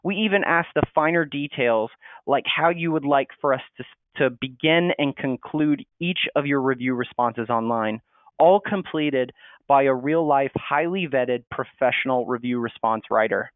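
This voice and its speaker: A man's voice: mid-range voice, moderate pace, no room sound. A man giving a marketing webinar presentation, explaining steadily and reading sample replies aloud. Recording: tinny phone-like audio, dry.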